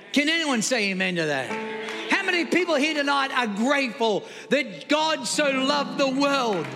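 A man preaching a sermon to a congregation, telling stories with jokey asides to the audience. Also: very high voice. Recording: long hall reverb with soft music.

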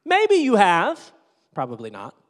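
A man's voice: high-pitched, wildly swooping pitch, a little slow. A man preaching a sermon as a pastor, in a candid, joking, conversational way, in a large church auditorium. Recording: long hall reverb.

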